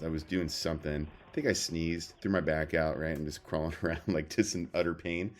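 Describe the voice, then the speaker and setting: A man co-hosting a podcast, telling stories in a loose, rambling way. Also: a bass voice. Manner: rambling storyteller, many fillers and restarts. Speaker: podcast co-host. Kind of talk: casual chat.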